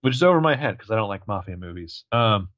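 A man's voice: fairly low pitch, fast talker. A man co-hosting a podcast, playfully recapping a TV episode and reading out the characters' lines. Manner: playful, jokey, reads out characters' lines with lively quoting. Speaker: podcast co-host. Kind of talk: casual chat. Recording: slightly dull, lo-fi sound.

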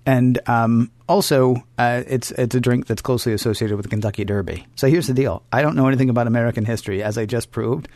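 A man's voice: mid-range voice, fast talker, few pauses, darkish tone, dry recording. A man co-hosting a podcast in casual chat, rambling through jokey asides and laughing at himself. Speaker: podcast co-host.

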